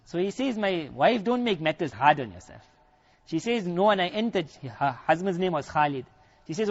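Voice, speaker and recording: South african guy preaching a story, kinda high voice, muffled lo-fi sound. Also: big pitch swings, normal speed. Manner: retells a story with quoted dialogue. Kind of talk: storytelling sermon. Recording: dull lo-fi recording.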